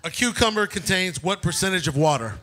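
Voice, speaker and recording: A man reads trivia questions at a comedy club event and eggs the teams on. His voice is high-pitched and bright, and he repeats himself to build up the moment. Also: animated, a little fast. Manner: hyped, repetitive quizmaster. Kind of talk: live event banter. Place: comedy nightclub.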